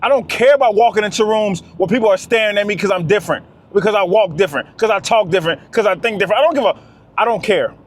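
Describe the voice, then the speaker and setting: A man delivers a fired-up monologue to camera. His voice sits high for a man, and he hammers his points home again and again, calling out to his listeners as fellas. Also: fast talker. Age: 30s. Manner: preachy, repetitive, talks straight to "fellas". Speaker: vlogger.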